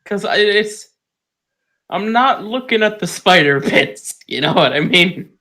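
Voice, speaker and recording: A man's voice: sits high, expressive, measured pace, pushed and bright. A man chatting casually as a guest on a stream, jokey and plain-spoken, and playfully defensive when teased. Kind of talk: casual chat.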